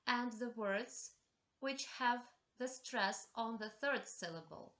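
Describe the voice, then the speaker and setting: A woman teaching a lesson at an unhurried, measured pace, walking through each exercise step by step. Her voice is bright and sits a little high. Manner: slow, deliberate, giving step-by-step instructions. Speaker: English teacher. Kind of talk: classroom instruction.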